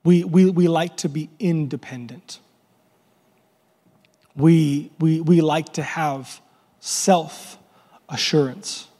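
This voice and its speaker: A man with a fairly high, steady, mellow voice preaches a sermon as a pastor, speaking slowly and pausing often. His delivery is impassioned and repetitive, building to rising crescendos. The recording has long reverb from a large hall and faint music in the background.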